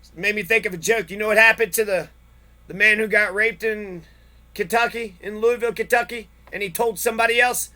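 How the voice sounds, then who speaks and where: A man's voice: sits high, fairly even intonation, fairly quick, pushed and bright. A man angrily telling his own story in a long, profane, repetitive monologue. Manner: angry, profane, repetitive ranting. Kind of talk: angry personal monologue.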